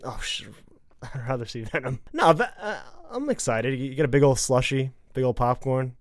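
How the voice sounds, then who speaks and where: A man's voice: medium pitch, expressive, normal speed, no echo, studio quality. A man co-hosting a podcast in casual chat, joking and laid-back. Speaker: podcast co-host.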